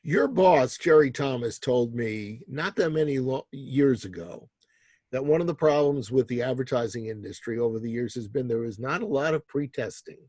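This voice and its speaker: Dark husky-voiced male host. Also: medium pitch, animated, no room sound. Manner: measured, asks guests questions. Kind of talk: panel discussion moderating.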